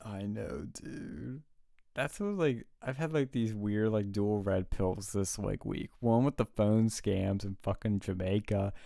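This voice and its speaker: A man co-hosting a casual talk show, telling stories excitedly and swearing often. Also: lowish voice, unhurried, vocal fry, no echo, studio quality. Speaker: co-host. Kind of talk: casual chat.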